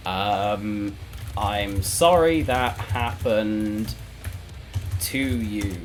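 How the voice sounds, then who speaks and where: A man streaming a text adventure game, reading it aloud and reacting with sudden loud outbursts. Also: on the low side, extremely slow. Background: faint background music.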